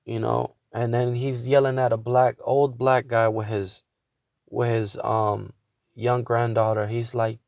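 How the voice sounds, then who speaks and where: A man's voice: mid-range voice, flat delivery, measured pace, creaky, darkish tone, no echo, studio quality. A man hosting his own podcast, venting in a casual monologue with a lot of swearing and stumbling restarts. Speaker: podcast host.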